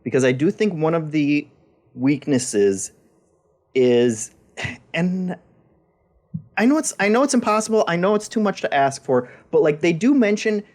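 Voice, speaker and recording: A man's voice: fairly high pitch, big pitch swings, a little slow, long pauses, a little mellow. A man co-hosting a games podcast, talking casually and often repeating words as he thinks. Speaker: podcast co-host. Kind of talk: casual chat.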